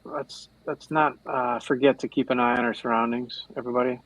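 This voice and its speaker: A man's voice: mid-range voice, flat delivery, fairly quick, fairly bright tone, dry recording, poor audio. A man playing a tabletop game, talking casually and joking. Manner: casual, jokey table talk. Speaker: player. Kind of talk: tabletop role-play.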